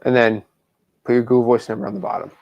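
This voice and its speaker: A young man coaching a caller on a call, pushy and repeating lines slowly word by word. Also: medium pitch, completely flat delivery, gravelly, dull audio. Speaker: wholesaling coach.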